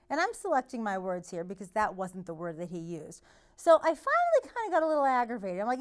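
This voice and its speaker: Woman, East Boston accent, storytelling host, lively swoops in pitch, fairly high, gets loud. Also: a little fast. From North Shore of Massachusetts. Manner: animated, gets loud, acts out the voices of people in her stories. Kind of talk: storytelling monologue.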